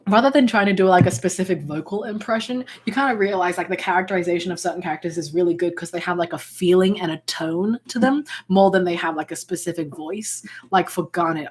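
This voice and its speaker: A woman's voice: fairly low pitch, brisk, slightly rough. A woman giving a casual ukulele lesson, rambling and restarting often, with many fillers as she explains chords. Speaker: ukulele tutor. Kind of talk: casual music tutorial. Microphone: ukulele played alongside.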